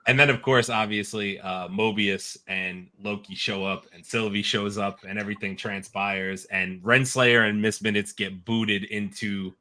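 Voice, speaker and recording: A man's voice: fairly low pitch, fairly even intonation, measured pace, few pauses, bright, forceful tone. A man co-hosting a podcast, animatedly retelling scenes in casual chat, full of slang and swearing. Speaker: podcast co-host.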